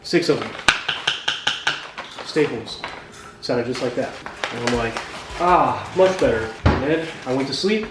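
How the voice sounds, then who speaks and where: A man's voice: medium pitch, fairly quick, background noise. Man telling a comic story in a roomy echo. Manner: jokey, deadpan asides, acts out sound effects. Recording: roomy echo from a distant mic with music behind.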